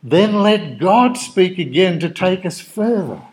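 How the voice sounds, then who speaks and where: A man's voice: sits high, expressive, slow pace, rough recording. A man preaching a sermon in a conversational, storytelling way, acting out the dialogue of the people he describes. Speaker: pastor.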